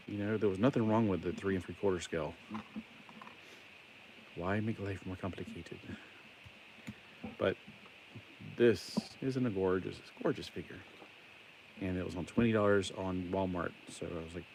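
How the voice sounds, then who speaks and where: A man's voice: sits low, a little mellow, a little hiss or hum. A man with a Southern US accent chatting casually and rambling while building toys on a live stream. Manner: rambling, chatty, jokey asides. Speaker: toy collector streamer.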